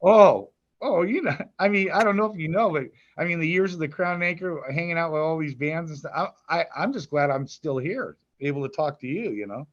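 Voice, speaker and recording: A man's voice: on the high side, animated, a little fast, few pauses, dull audio. An older man, a grandfather and musician, chatting in an interview, rambling with restarts and stammers. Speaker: musician guest. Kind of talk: casual interview chat.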